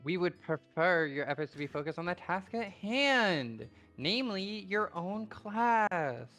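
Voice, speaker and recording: A man's voice: sits high, very animated, a little slow, pushed and bright, faint music behind, pitched above the performer's own voice, full character voice. A man voicing a stern young female student council president in a put-on valley girl voice, reading a visual novel aloud on stream. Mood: scolding.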